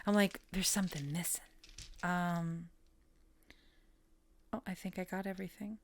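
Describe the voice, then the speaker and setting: A woman giving a casual tarot reading, soft-spoken and musing, often trailing off and starting her thoughts over. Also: fairly low pitch, fairly even intonation, a little slow, slight background noise. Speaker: tarot reader.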